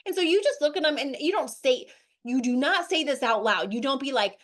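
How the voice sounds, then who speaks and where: High, animated woman host. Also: moderate pace. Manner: animated, chatty, with lots of "like" and "right?". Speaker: weight-loss show host. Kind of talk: motivational group talk.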